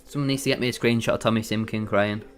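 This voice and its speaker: An excitable man giving gloating, bantering live commentary as a football fan on a match watchalong stream. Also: on the low side, fast, soft background music.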